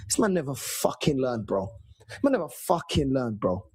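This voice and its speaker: An irate man vents about his football club in a raspy, breathy voice. His pitch swings wildly as he stammers, swears and mocks. It is a casual heated rant. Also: big pitch swings, normal speed, darkish tone, dry recording. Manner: angry, profane, stammering, mocking impressions. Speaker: football fan ranting on a panel.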